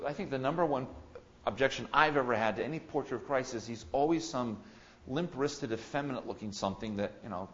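A man preaching a sermon in a mid-pitched voice, explaining a text and then building to bold proclamation. He drops to soft, musing tones, then rises to loud, ringing emphasis. The recording is slightly dull and lo-fi. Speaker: pastor. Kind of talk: expository sermon.

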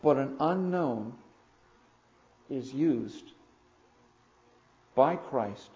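A man preaching a sermon as pastor, swelling suddenly loud for emphasis and slowing to stress key words. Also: mid-range voice, expressive, roomy sound, lo-fi sound.

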